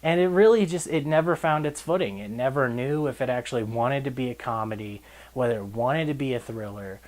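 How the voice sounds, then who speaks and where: A man giving a casual, profane film review, with sarcastic, exasperated rants broken up by laughter. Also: mid-range voice.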